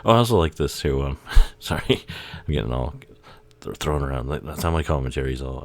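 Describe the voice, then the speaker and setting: A man with an unusually deep, low voice talks through a movie in a loose, rambling way. He swears freely, chuckles often, and drifts off mid-thought before picking up again. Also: lively intonation, a little fast. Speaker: YouTube movie commentator. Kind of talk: casual rambling film commentary.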